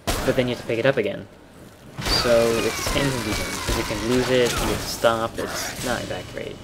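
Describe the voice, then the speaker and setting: A man casually commenting on a video game as he plays, explaining in a relaxed way with wry asides. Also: mid-range voice, moderate pace, very noisy. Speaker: let's play commentator. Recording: game audio with gunfire mixed under voice. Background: clear game sounds and gunfire.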